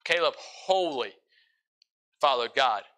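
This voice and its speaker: A young adult man preaching a sermon in church, animated, jumping into quick acted-out conversations with his congregation. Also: mid-range voice.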